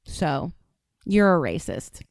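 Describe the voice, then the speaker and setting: A woman's voice: sits low, big pitch swings, slow pace, creaky, darkish tone, no echo. A woman from the United States hosting a reaction stream and reading out chat, brash, combative and swearing constantly. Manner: brash, profane and combative, often laughing.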